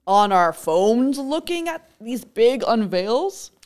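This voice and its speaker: A woman co-hosting a podcast in casual chat, expressive with dramatic reactions. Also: fairly high pitch, slow pace, smooth. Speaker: podcast co-host.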